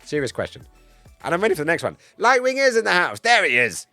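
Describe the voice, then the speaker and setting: A tipsy male streamer from England chats with his viewers, swearing freely and bursting out loud before dropping to a mumble. His pitch leaps all over the place, from deep grumbles to high squeals. The sound is close and dry, with faint music underneath. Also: fast, no echo. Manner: excitable, swearing, swings between loud outbursts and mumbling. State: tipsy from cider. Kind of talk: casual live-stream chat.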